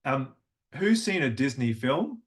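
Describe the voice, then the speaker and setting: A middle-aged man with a slight Australian accent leads a voice workshop as a language coach. His pitch sits in the middle range, and he talks in an encouraging, demonstrative teaching manner, often stopping to show a phrase the way he wants it said. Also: big pitch swings, unhurried. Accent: neutral, slight Australian. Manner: demonstrative, warm teacher who sings examples.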